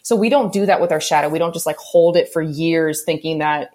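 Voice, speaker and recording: Low-pitched woman guest, earnest spiritual teacher, checks in with listeners as she explains. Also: a little fast, darkish tone. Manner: earnest teaching tone, often checks in with "okay" and "right?". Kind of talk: conversational podcast interview.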